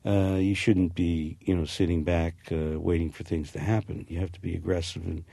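A man's voice: low-pitched, little pitch movement, normal speed, creaky, mellow, no room sound. A man with a slight New Jersey accent, an actor talking through an interview in a rambling, reminiscing way that restarts its sentences. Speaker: actor guest. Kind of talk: casual interview.

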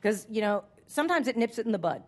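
A woman comic on stage, talking in a slightly high voice. She rambles through self-deprecating asides and slips into mock-formal phrasing. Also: lively intonation, quick pace. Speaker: stand-up comedian. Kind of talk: stand-up set before a live audience. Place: live music venue stage.

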